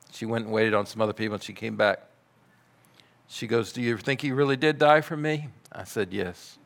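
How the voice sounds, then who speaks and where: A man preaching a sermon, telling a story in a measured way and dropping to soft, quiet passages. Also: mid-range voice, creaky. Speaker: pastor.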